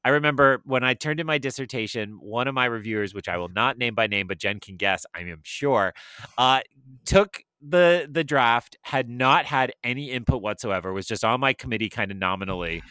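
A man's voice: medium pitch, normal speed, bright, forceful tone, smooth, no room sound. A middle-aged man, a podcast co-host reviewing a film, talking in a wry, sarcastic, chatty way with many fillers. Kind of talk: casual chat.

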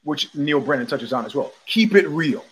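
A man hosting his own show, talking in a casual, animated monologue full of emphatic restarts. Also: fairly high pitch, normal speed, low-quality recording. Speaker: host.

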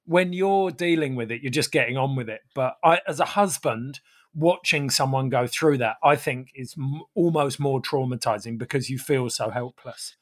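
A man calmly telling a casual story in a matter-of-fact way, often dropping into quiet asides. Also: medium pitch, moderate pace.

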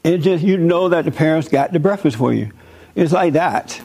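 A man's voice: a little high, lively intonation, normal speed, darkish tone, breathy edge. Man preaching in a folksy way. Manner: conversational, folksy, with personal stories. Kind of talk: informal sermon.

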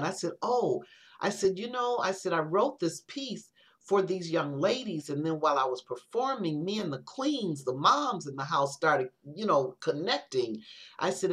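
A woman poet, a guest on an interview podcast, talking reflectively in casual conversation, with many halting restarts. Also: fairly low pitch, lively intonation, a bit bright.

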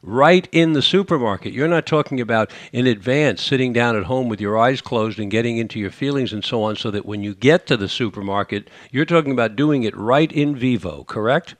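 A man hosting a radio interview, friendly and self-deprecating with quick jokes. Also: mid-range voice, dry recording. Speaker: radio host.

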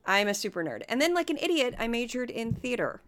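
A hoarse woman hosting a podcast, talking in a chatty, sarcastic and self-deprecating way. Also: a little high, very animated, fast, fairly bright tone. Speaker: podcast host. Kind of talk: casual commentary podcast.

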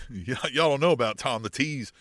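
A man's voice: medium pitch, expressive, normal speed, fairly bright tone, no room sound, studio quality. A man co-hosting a casual wrestling podcast, reading out wrestling history with jokey, playful asides. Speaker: podcast co-host.

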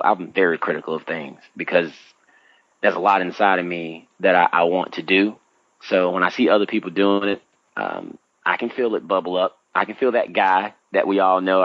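A man's voice: low voice, no echo, muffled recording. A man in his thirties chatting casually, telling a story and acting out his own reactions with big jumps in voice. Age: 30s.

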